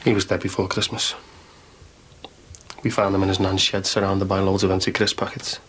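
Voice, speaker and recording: A man's voice: sits low, completely flat delivery, moderate pace, a bit bright, slight background noise. A young man, playing a reformed tearaway in a 1990s TV soap who talks bluntly and ruefully. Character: reformed young Liverpool tearaway, sober, earnest.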